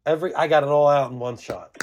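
A man's voice: on the high side, fast, a little mellow. A young man co-hosting a casual podcast, telling crude, boastful stories with plenty of swagger. His voice sits a little above the usual male range. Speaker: podcast co-host.

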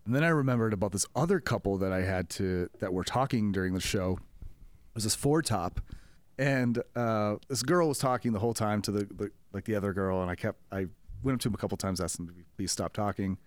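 A man's voice: lowish voice, brisk, no room sound. A man co-hosting a podcast, telling a story in casual chat, acting out quotes and laughing often. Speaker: podcast co-host, comedy club staff.

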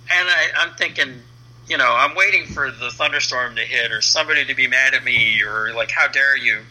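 On a rough recording, a man of medium pitch talks fairly quickly while telling an interview anecdote. He's a comic book letterer in his fifties, a lively, casual storyteller who voices the dialogue himself.

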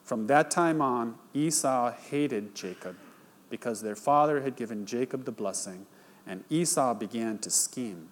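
A man's voice: mid-range voice, a little slow. A male pastor preaching, reading a scripture passage aloud and retelling it in plain storytelling before drawing the lesson. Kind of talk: sermon.

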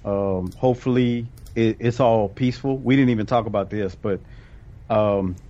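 A man's voice: fairly low pitch, normal speed, warm tone, lo-fi sound. A man who coached youth sports, talking in a casual podcast discussion and often repeating and restarting his words.

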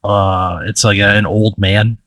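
A low-pitched man narrating as game master in a casual, meandering way. He stumbles through fillers and restarts. The sound is dry and close, with no room around it. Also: little pitch movement, a bit bright, dry recording. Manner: casual, halting, lots of fillers.

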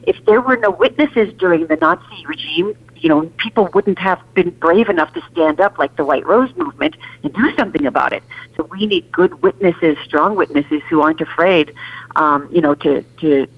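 Woman calling in to a radio show, quick and emphatic, kinda muffled phone sound. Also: lowish voice, expressive. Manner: earnest, fast, emphatic. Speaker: guest. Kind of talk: call-in radio interview.

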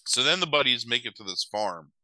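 A man's voice: mid-range voice, expressive, fairly quick, sharp tone, no room sound, low-quality recording. A man recapping a movie in a loose, sarcastic chat, swearing casually and using many filler words.

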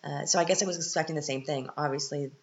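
A woman's voice: deep voice, fairly even intonation, fast. A woman hosting a casual solo podcast, chatty and upbeat with self-deprecating humor. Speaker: podcast host and parent. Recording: slightly muffled lo-fi audio.

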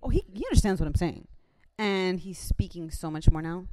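A young woman, chatting in a relaxed, fond way. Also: lowish voice, brisk. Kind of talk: casual chat.

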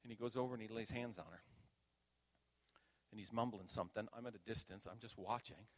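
A middle-aged man preaching a storytelling sermon, acting out quoted dialogue loudly and with animation. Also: on the low side, a little fast.

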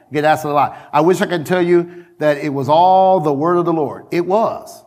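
A middle-aged male pastor preaching a sermon in a church, animated, repeating phrases for emphasis and calling out to his congregation. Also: on the high side, moderate pace. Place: church sanctuary.

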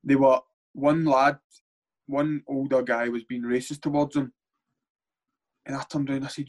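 A man's voice: mid-range voice, steady tone, moderate pace, long pauses, a little mellow. A Scottish man, a former footballer, talking bluntly in a casual podcast chat, rambling and swearing freely. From Scotland.

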